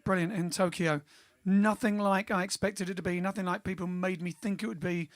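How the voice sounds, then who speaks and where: A man's voice: high-pitched, steady tone, fairly quick, dry recording, clean studio sound. A man hosting a casual live stream, bantering playfully and making jokes.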